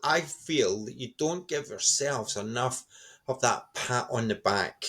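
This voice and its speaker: A middle-aged man answers interview questions with enthusiasm, sounding encouraging and upbeat. His voice sits at an ordinary medium pitch for a man. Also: lively intonation, a little slow, a bit bright, husky. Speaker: guest speaker.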